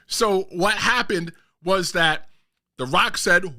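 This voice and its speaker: Man, bright high voice, animated, slangy wrestling recap host. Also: slow pace. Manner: animated, excitable, playful street slang. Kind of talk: casual recap commentary.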